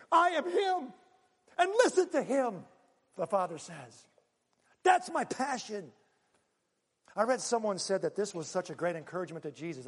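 A man preaches a sermon with an animated delivery, swinging between loud bursts and quiet, hushed asides. His voice sits high for a man. The sound carries the long reverb of a large hall. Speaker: pastor.

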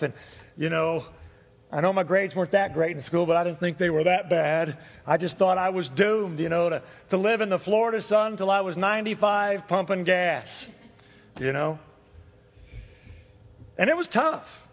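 Middle-aged pastor guy telling stories in his sermon, high voice, big reverby church hall. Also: moderate pace, creaky. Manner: animated storytelling with shifts in pitch.

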